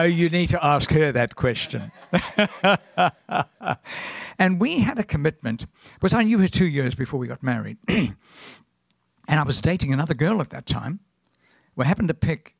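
Older south african guy preaching, rambly storyteller, gravelly voice, dry close sound. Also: on the high side, lively intonation, moderate pace, no room sound. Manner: rambling, anecdotal, often clears throat. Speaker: guest preacher. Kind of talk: sermon.

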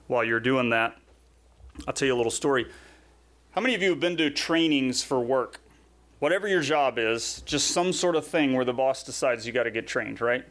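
A middle-aged man preaching a sermon, telling a story in a chatty way and then reading scripture slowly and solemnly. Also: mid-range voice, animated, a bit bright. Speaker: pastor.

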